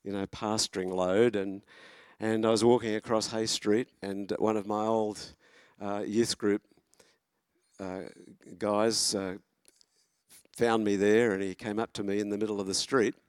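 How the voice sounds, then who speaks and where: A man, preaching a sermon from a church lectern in an earnest, encouraging way, pausing and restarting as he goes. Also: on the low side, level tone, smooth, no echo, clean studio sound. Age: 70s.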